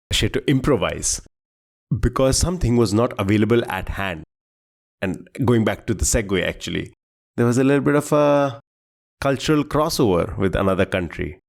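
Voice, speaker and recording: A man's voice: on the low side, gravelly. A man co-hosting a quiz podcast, chatting casually, rambling and laughing as he searches for words.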